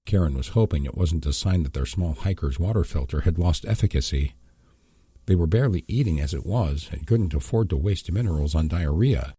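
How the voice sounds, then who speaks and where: Deep-voiced man, measured audiobook reader, dark husky tone. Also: expressive, no room sound, clean studio sound. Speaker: audiobook narrator. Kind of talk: scripted narration.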